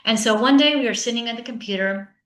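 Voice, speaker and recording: In a conference talk delivered online, a woman coaches teachers in a relaxed, conversational style, her slightly high voice bright and forceful. She regularly punctuates points with a quick "right?", and the audio has a roomy, ringing echo.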